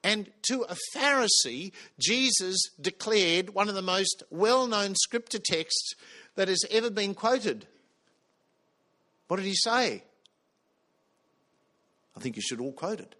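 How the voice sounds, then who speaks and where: A man's voice: high voice, animated, unhurried, sharp tone. A man preaching a sermon, earnest, putting questions to the congregation.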